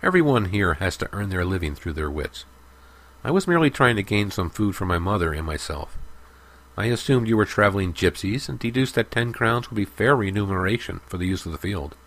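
A man voicing a smooth-talking young merchant with a glib, persuasive manner. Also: fairly low pitch, animated, brisk, a bit bright.

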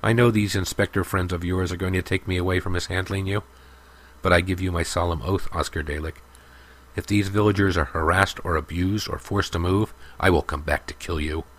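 A man voicing a strong, furious young village leader who speaks slowly and menacingly. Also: sits low, steady tone, a bit bright. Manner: slow, cold, menacing.

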